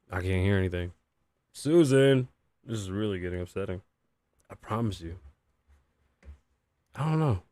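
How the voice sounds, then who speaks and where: A man's voice: low-pitched, expressive, moderate pace, pauses often, mellow, dry recording. A man hosting his own livestream podcast, talking loosely to chat and to himself, swearing often, his voice worn and shot. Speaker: podcast host. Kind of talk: casual livestream talk.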